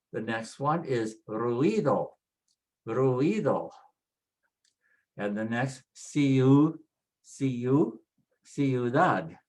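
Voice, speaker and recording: A man's voice: mid-range voice, low-quality recording. A man teaching pronunciation rules in a patient lesson, saying each example word twice. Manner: slow, patient, repeats example words. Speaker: instructor.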